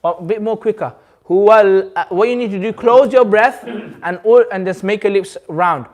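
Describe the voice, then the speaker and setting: A man teaching a community class, patiently drawing out each word slowly, then explaining in quick bursts. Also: high voice. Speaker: Quran recitation teacher. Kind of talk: hands-on group lesson.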